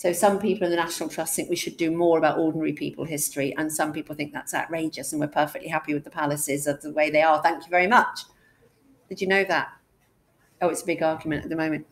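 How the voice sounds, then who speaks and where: A woman's voice: deep voice, fairly even intonation, quick pace. A woman English teacher giving a classroom lesson, chatty and jokey, quizzing her students as she goes.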